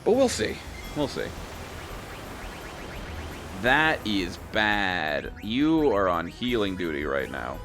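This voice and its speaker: A man streams a video game, chatting in a relaxed, joking way and laughing often. His voice sits a little low but sounds bright and edgy, and it swings widely up and down as he talks. Faint music plays under his voice. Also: takes it slowly, pauses often. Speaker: gaming streamer. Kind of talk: casual let's-play commentary.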